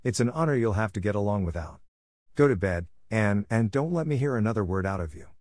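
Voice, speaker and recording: A man's voice: on the low side, animated, a little fast, a little mellow, no room sound, studio quality, lightly acted. A man voicing a stern older spinster who answers curtly and sarcastically. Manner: curt, sarcastic and scolding.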